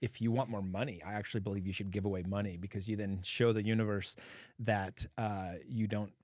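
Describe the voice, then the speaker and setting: Male podcast guest, low and dry, earnest storyteller, loose chatty fillers. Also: fairly even intonation, a little fast, darkish tone, no echo. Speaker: podcast guest, men's coach. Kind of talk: casual podcast conversation.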